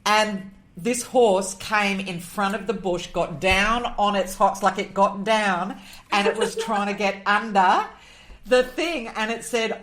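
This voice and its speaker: A woman, a podcast guest, telling a personal story in an animated, emotional way and acting out the voices in it. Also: medium pitch, normal speed. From Australia. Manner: emotional, moved near tears.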